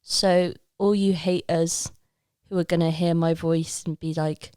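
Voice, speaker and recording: A young woman from Leicester talks with a slightly low voice in casual podcast chat. She jokes, free-associates and laughs often. The recording is dry and close. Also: fairly even intonation, a little slow, darkish tone, clean tone, no echo. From Leicester, England. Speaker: podcast guest.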